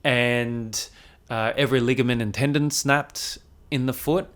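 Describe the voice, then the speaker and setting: A young adult man, a podcast guest telling a story in a casual, animated way, filling his speech with "like" and swearing casually. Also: medium pitch, measured pace.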